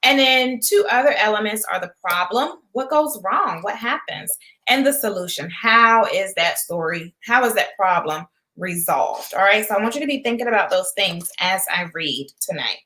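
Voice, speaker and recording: Casting: woman, kindergarten teacher, bright clear voice, sing-song story reading. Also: medium pitch, expressive, moderate pace. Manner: guest in casual chat, with fillers. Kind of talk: reading aloud to children.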